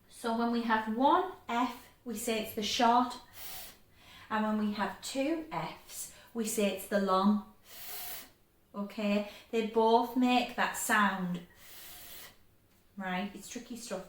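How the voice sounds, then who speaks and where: Teacher lady doing phonics for little kids, drags the sounds out, kinda echoey. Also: fairly high pitch. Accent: English. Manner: bright and encouraging, stretches sounds out slowly. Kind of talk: phonics lesson for young children.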